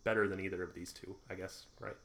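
A man's voice: low voice, little pitch movement, fast talker, gravelly, fairly bright tone. A man hosting a casual podcast recapping an old film, laughing often and teasing his co-hosts. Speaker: podcast host. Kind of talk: casual movie recap chat.

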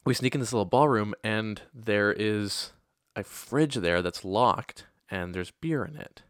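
Brief: deep-voiced man, chatty storyteller, dry close sound. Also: measured pace, fairly bright tone, no room sound. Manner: rambling, self-correcting anecdote with asides. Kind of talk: casual personal storytelling.

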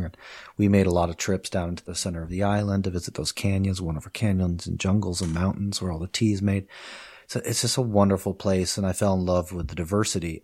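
A man, a guest on an interview podcast and a professor of Chinese, chatting casually and telling lively stories with frequent laughter. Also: low voice. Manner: lively storyteller, laughs often.

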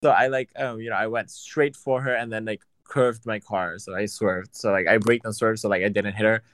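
A man in casual chat, telling a story in an animated, profane and sassy way. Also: lowish voice, fairly quick, clear, resonant tone, dry recording.

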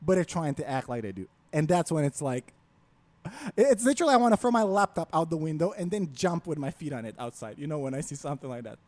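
A man's voice: on the high side, fast talker. A man on a podcast, ranting casually with a lot of swearing. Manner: profane, ranting, animated.

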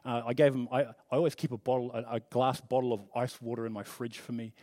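A man's voice: mid-range voice, flat delivery, fast, mellow, dry recording. A middle-aged man preaching a conversational sermon, earnest and storytelling, with frequent restarts.

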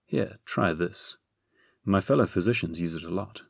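A man voicing a gloomy, henpecked young physician who grumbles quietly in a storybook reading. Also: deep voice, normal speed, creaky, no room sound, studio quality, full character voice. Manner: glum, grumbling, muttered.

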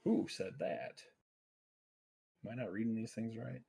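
A man's voice: on the low side, lively intonation, unhurried, gravelly, warm tone, slightly rough. A man hosting a casual gaming podcast, running the segments and laughing often. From United States. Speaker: podcast host.

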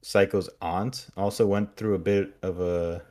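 A man's voice: deep voice, steady tone, a little slow, a little mellow. A man co-hosting a podcast in casual chat, giving wry, critical commentary. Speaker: podcast co-host.

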